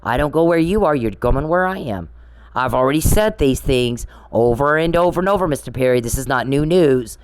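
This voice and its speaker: A woman's voice: extremely low pitch, animated, fairly quick, smooth, poor audio. Woman podcaster, angry repetitive rant, swears. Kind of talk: angry monologue addressed to one person.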